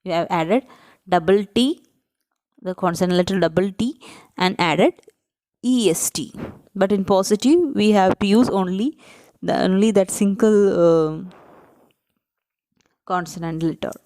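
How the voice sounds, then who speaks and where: A woman's voice: mid-range voice, measured pace, pauses often, warm tone. A woman teacher explaining grammar to young students, working step by step, spelling out letters and breaking words into syllables, often checking with "right?". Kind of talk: grammar lesson for children.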